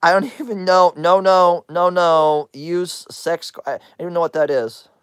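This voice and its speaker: A woman's voice: on the low side, normal speed, clear, resonant tone, no room sound, studio quality. A woman hosting a rambling livestream, crude and teasing as she answers her chat, often breaking into laughter. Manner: crude, teasing questions at chatters. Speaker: livestream host.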